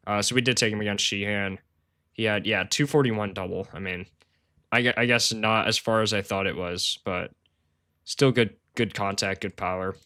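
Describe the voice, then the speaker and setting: A lowish, steady male voice, sharp and smooth, at normal speed, narrates a live stream of sports betting research. He's loose and rambling with chat, slangy, fond of "bro," quick to laugh, and self-deprecating.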